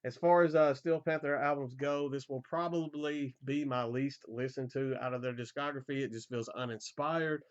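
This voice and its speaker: A man in a casual album collection vlog, rambling with fillers, his voice going hoarse. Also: mid-range voice, normal speed, hardly any pauses, dull audio. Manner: relaxed, rambling, frequent fillers and repeated starts. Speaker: metal collector vlogger.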